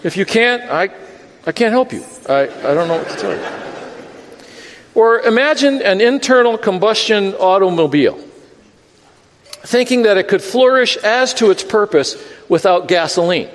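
A man's voice: high voice, animated, moderate pace, in a large hall, a little hiss or hum. A male pastor preaching a sermon, earnest and building through repeated phrases, often stammering. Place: church sanctuary.

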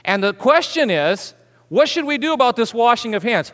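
A man preaching a sermon as a pastor, animated, acting out biblical figures with humor. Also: very high-pitched, moderate pace, big-room sound.

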